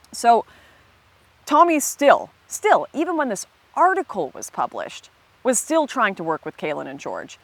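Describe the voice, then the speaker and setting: A woman talks straight to camera in a casual commentary, blunt and animated, laughing often. Her voice sits a little low for a woman. The sound is close and dry, with no room around it. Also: no room sound. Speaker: video commentator.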